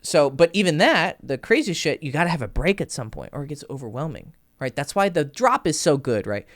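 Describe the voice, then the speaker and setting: A young man talks through dating advice in a loose, conversational monologue. His pitch jumps around a lot as he emphasizes points, and he swears casually and mimics beats with his voice. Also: a little fast. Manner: animated, swears freely, vocal sound effects. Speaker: dating coach.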